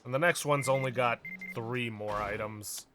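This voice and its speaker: A man giving offhand, deadpan commentary while playing a video game. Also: medium pitch, moderate pace, slight background noise. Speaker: let's player. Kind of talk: casual gameplay commentary.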